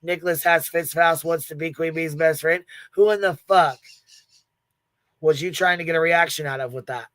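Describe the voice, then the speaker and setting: A woman's voice: low-pitched, normal speed, no room sound. Woman streamer talking straight into the mic, dry close sound, swears a lot, laughs a bunch, acts out what people said. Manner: profane, blunt and laughing often; retells events with lively quoted asides. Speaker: livestream host. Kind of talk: casual livestream commentary.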